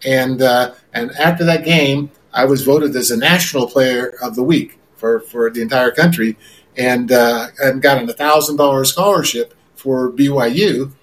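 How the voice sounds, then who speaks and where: An older man, a former quarterback, recalls his playing days in a relaxed interview, often repeating words and filling pauses. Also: mid-range voice, rough recording. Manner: rambling, repeats words, many fillers.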